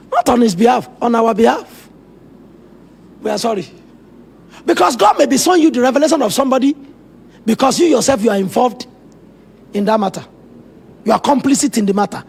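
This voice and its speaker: A man's voice: extremely high pitch, creaky, darkish tone, slightly rough. A man preaching a sermon as pastor, telling Bible stories with dramatic, emphatic asides.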